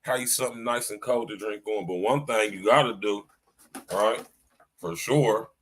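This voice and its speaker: A man hosting his own podcast, talking loud and casual in a slangy style, coughing now and then and saying "man" at the end of nearly every line. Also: fairly low pitch, normal speed, husky. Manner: loud, slangy, repeats "man" and "you know what I'm saying". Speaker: podcast host.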